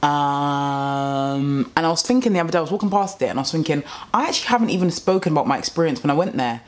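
A woman's voice: sits low, expressive, fast. A young woman telling a rambling, exasperated story about a bad restaurant meal in a casual vlog. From England. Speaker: vlogger.

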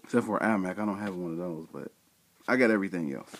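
A man's voice: low voice, fast talker. A man telling a story in a casual vlog rant, exasperated and slangy, acting out bits of dialogue. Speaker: vlogger.

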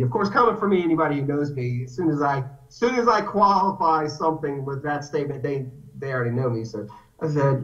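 Speaking at a normal speed in a voice on the high side, this male guest spins lively anecdotes during a casual chat and performs the voices of whoever he's quoting. His audio sounds muffled, far away and full of echo.

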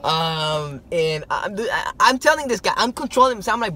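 A man vlogging casually, telling a story in an excitable, animated way, with some stammering. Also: high-pitched, moderate pace, slight background noise. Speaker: toy-hunting vlogger.

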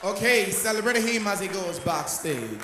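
A man hosting a talent show, shouting crowd-hyping announcements. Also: high voice, expressive, normal speed, loud music behind the voice. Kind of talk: emceeing. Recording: echoey hall, cheering crowd, noisy.

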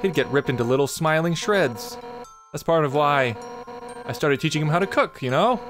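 A brash, hot-headed fish-woman warrior captain, as a man puts her on, loud and eager in a raised, lively voice. She swings up and down in pitch as she boasts and rambles. Game music plays steadily behind. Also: normal speed, lightly acted. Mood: rambling.

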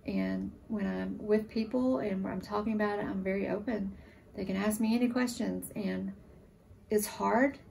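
A woman in her forties, a surviving military spouse, giving an emotional, earnest testimonial, sometimes halting. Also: mid-range voice, steady tone, gravelly, darkish tone, recorded from a distance, slight background noise. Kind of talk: testimonial interview.

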